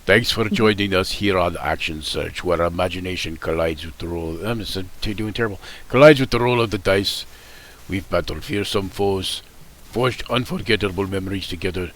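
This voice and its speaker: A man's voice: low-pitched, very slow, pauses often, bright, forceful tone, exaggerated voice. A man putting on a clumsy Russian-accent announcer. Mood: grandiose.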